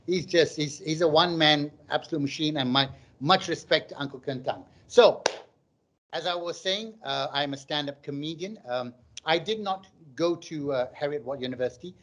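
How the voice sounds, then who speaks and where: A man's voice: on the high side, normal speed, a bit bright, a little hiss or hum. A middle-aged man doing stand-up comedy on a live online stream. He chats and jokes and reads out viewers' comments. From Malaysia.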